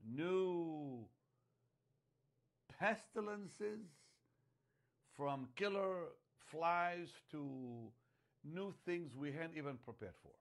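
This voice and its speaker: A man preaching a sermon, emphatic and repetitive, dropping to a hush and then rising loud on key phrases. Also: on the high side, gravelly. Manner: emphatic, repeats phrases, swings from hushed to loud.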